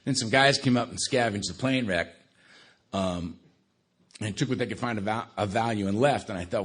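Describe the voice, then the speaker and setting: An older man from Los Angeles speaking to a live recovery meeting. He tells his story conversationally, laces it with dark, wry humor, and keeps checking in with "right?". His tone turns quiet and subdued for grave memories. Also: fairly low pitch, normal speed, husky. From Los Angeles, USA. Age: 60s. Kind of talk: recovery talk to a live audience.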